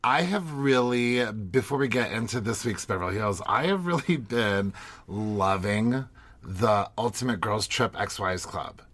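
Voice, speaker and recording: A man hosting a casual podcast chat, chatty and quick to laugh, given to rambling asides. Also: on the low side, expressive, a bit bright. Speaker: podcast host.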